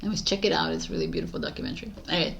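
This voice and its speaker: A woman reading tarot in vlog bloopers, giggling and flustered, stumbling and restarting, with quiet asides under her breath. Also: lowish voice, fairly even intonation, rapid-fire, gravelly. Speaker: tarot reader.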